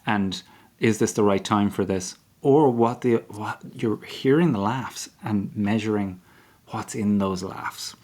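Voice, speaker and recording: An Irish man, a comedian guest, talking through ideas in a measured, reflective way during a casual interview. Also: on the low side, a little mellow. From Ireland.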